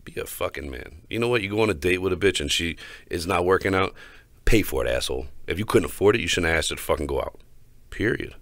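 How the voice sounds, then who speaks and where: Very deep-voiced man ranting on a podcast. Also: lively intonation, quick pace, a bit bright, no room sound. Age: adult, older than co-host. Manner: profane, swaggering, heated. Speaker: podcast host. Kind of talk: crude casual podcast rant.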